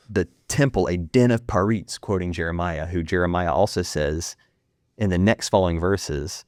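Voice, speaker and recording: Low-voiced man talking intensely. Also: dry recording, studio quality. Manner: intense, rapid bursts with repeated restarts. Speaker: podcast guest, filmmaker. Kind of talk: impassioned podcast interview.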